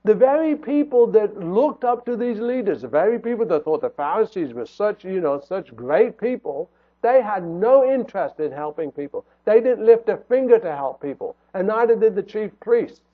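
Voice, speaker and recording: A man's voice: high voice, expressive, normal speed. A man preaching a sermon in an earnest tone, his voice rising and falling for emphasis. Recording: tinny phone-like sound.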